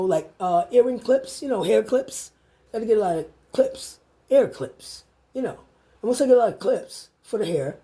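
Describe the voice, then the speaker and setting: A woman with a husky, breathy voice rants straight at the camera, swinging her pitch up and down as she taunts and curses someone. Her delivery is confrontational and profane. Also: mellow. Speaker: vlogger. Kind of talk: angry direct-to-camera rant.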